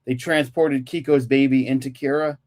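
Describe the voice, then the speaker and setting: A man's voice: mid-range voice, fairly even intonation, moderate pace, a little mellow. A man from Germany co-hosting a podcast, chatting enthusiastically and repeating catchphrases. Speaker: podcast co-host. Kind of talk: casual chat.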